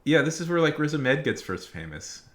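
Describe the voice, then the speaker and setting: A young man streaming live, chatting casually and rambling with many fillers, getting loud when he rants. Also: fairly high pitch, big pitch swings, normal speed.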